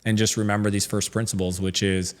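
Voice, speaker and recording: A man's voice: lowish voice, level tone, a little fast. A middle-aged man speaking as a guest in a casual interview, telling stories in a chatty way with lots of fillers and acted-out dialogue. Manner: chatty storytelling, many fillers, acts out quoted dialogue.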